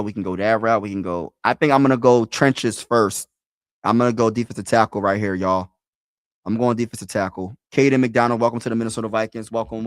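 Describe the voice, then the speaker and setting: A man's voice: fairly low pitch, no room sound, studio quality. Chatty man live-streaming to his chat. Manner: talks to chat, repeats himself, casual slang. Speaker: sports streamer.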